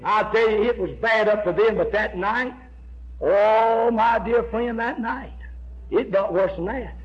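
A man preaching a fiery revival sermon, emphatic and repetitive, building to shouts as he tells his story. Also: sits high, measured pace. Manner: emphatic, repeats "I tell you" and "amen", rises to shouts. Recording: dull lo-fi recording with faint hiss.

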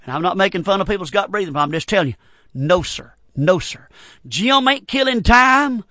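A man's voice: high voice, animated, normal speed, bright, forceful tone, no room sound, clean studio sound. A middle-aged man preaching a fervent radio sermon, repeating phrases in a folksy, plainspoken way.

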